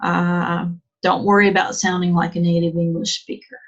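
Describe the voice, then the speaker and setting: Woman, teacher, chatty lesson, rhetorical questions, fillers, low-ish voice, dull lo-fi sound. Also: flat delivery, normal speed, soft background music. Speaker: English exam teacher. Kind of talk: online lesson.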